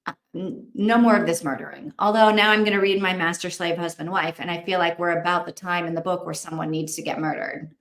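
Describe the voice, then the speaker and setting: A woman's voice: fairly low pitch, fairly even intonation, brisk, a bit bright, echoey room. A woman hosting a casual livestream, chatting, thinking aloud and reacting to viewer comments. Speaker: livestream host.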